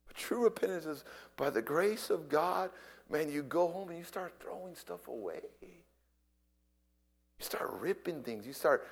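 A man preaching a sermon, swinging between hushed whispers and loud impassioned cries, often repeating his words. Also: fairly high pitch, expressive, unhurried, gravelly, slightly rough.

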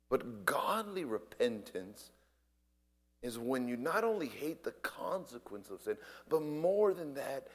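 A man preaching a sermon, swinging between hushed whispers and loud impassioned cries, often repeating his words. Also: on the high side, sing-song, takes it slowly.

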